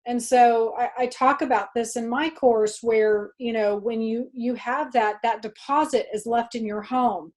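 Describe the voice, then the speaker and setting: A woman guest on a podcast, explaining ideas in an earnest, steady way. Her voice sits somewhat high. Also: a little slow, hardly any pauses. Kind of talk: casual chat.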